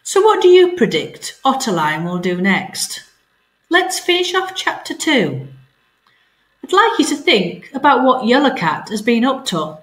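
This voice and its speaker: Teacher lady doing a remote reading lesson, lively up and down voice, asks the kids questions. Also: on the high side, measured pace. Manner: clear and encouraging, asks pupils questions. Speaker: primary school teacher.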